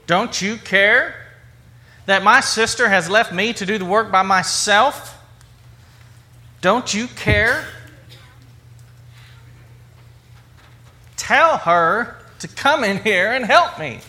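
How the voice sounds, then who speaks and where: A man's voice: on the high side, lively intonation, a little fast, hardly any pauses, sharp tone, heavily acted. A man playing a frantic, stressed woman host, speaking in an exasperated, pleading way during a sermon.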